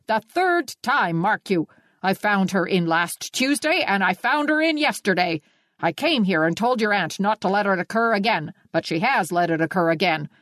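A blustering, irate middle-aged farmer, as a woman reader puts him on in an audiobook, sputtering out old-fashioned scolding with a lively, swooping delivery. The sound is dry and close. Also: mid-range voice, no room sound, natural voice. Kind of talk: audiobook character reading.

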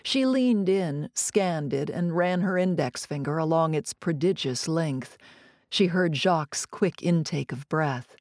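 A woman narrating an audiobook in a playful, savoring manner, with teasing pauses, on a close studio mic. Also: sits low, lively intonation, a little mellow, no echo.

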